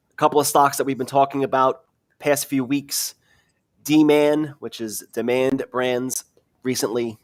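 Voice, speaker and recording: Man giving a dry, steady stock rundown. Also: medium pitch, no echo. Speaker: podcast co-host. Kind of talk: casual stock news rundown.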